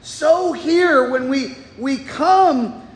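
A man preaching a sermon in an animated, rhetorical way, sometimes acting out imagined listeners, heard in an echoey church. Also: very high voice, very slow. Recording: echoey hall, far from mic.

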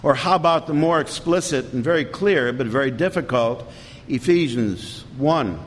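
A man's voice: animated, moderate pace. Fervent preacher man in a reverberant hall. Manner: fervent, emphatic preaching with sudden loud rises. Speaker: pastor. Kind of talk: sermon. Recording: long hall reverb, faint rumble.

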